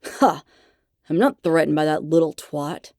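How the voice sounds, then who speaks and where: A woman voicing a sullen, jealous young man who talks in gruff, sarcastic, clipped lines in an audiobook. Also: low voice, animated, unhurried, darkish tone, dry recording, clean studio sound.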